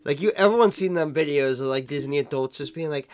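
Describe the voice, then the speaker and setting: Higher-voiced young man saying "dude" a lot. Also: fast talker, no room sound. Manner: rambling, full of "like" and "dude". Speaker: podcast co-host. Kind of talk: casual chat.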